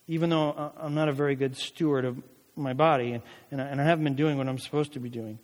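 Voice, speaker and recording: A man's voice: mid-range voice, quick pace. A male pastor preaching a sermon, rising into emphatic calls during prayer passages. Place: church sanctuary. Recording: long church hall reverb.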